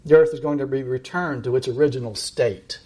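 A middle-aged man preaching a sermon, reading verses aloud with emphatic, rising delivery and slowing down on key lines. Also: a little mellow. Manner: emphatic, rises high when reading verses and slows down.

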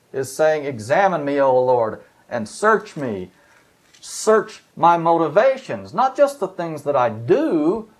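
A man's voice: mid-range voice, a little mellow. A man delivers a sermon in an easygoing, explanatory way. His voice sits in a moderate middle range. He reads verses aloud and stops to pose questions to his listeners. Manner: expository, conversational preaching with rhetorical questions. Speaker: preacher.

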